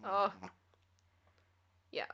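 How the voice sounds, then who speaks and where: A woman's voice: extremely slow, pushed and bright, lo-fi sound. A woman hosting a casual livestream, chatting with viewers, reading their comments aloud and giggling often. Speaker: livestream host. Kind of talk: casual chat with live viewers.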